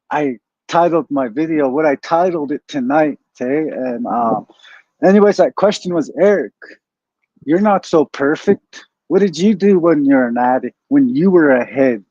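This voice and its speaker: A man's voice: a little high, unhurried, warm tone, no echo. A man rambling through a profane story to his viewers, often saying "you guys", on a dull lo-fi recording. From Canada. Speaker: streamer. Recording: dull lo-fi dry sound.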